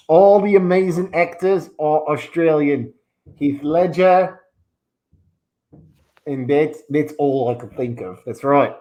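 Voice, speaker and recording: A man playing a rambling, self-important actor who claims to be Shrek, his fake accent slipping between Scottish and Australian, heard over an echoey video call. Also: very high voice.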